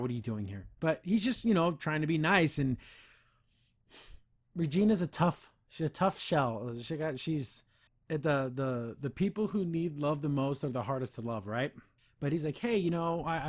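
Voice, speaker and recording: Male podcast host, slightly high pitch, earnest rambling comic review delivery. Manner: earnest and rambling, frequent restarts and fillers; gets heated about the veterans system. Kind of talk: casual comic review chat.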